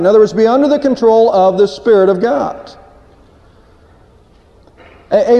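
A man's voice: high-pitched, dark tone. A man preaching a Sunday sermon, earnest and plain-spoken, stumbling over a word now and then and telling a folksy joke. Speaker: pastor. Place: church sanctuary. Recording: dull lo-fi church recording with long reverb.

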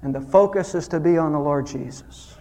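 A man preaching a sermon as pastor, earnest, rising to loud emphasis and dropping to soft low asides. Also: fairly quick, long reverb tail.

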